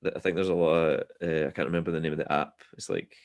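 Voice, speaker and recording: A Scottish man chatting as a podcast guest, telling relaxed, self-deprecating stories. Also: rumbling low, quick pace. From Scotland. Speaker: guest musician. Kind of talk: casual podcast chat.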